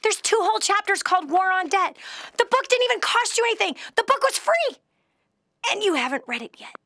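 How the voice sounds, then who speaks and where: A woman hosting a call-in advice show, talking bluntly and emphatically, scolding and coaching her caller, swinging from loud bursts to hushed tones. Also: very high voice, very animated, brisk, no room sound, studio quality. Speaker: radio show host giving financial advice to a caller.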